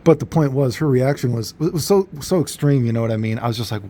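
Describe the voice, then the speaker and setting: A man's voice: medium pitch, fast, few pauses, mellow, slight background noise. A man telling a story in a casual, rambling monologue, laid-back and full of fillers and self-corrections. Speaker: vlogger.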